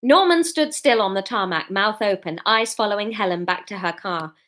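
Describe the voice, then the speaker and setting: A woman's voice: mid-range voice, normal speed, a bit bright. A woman reading her serialized story aloud, chatty and prone to jokey, sweary asides. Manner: chatty, swears, breaks off to laugh and joke.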